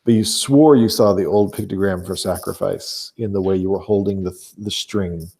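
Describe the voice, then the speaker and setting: Male game master, low-pitched, warm dark tone, measured narration with fillers. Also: vocal fry, breathy edge.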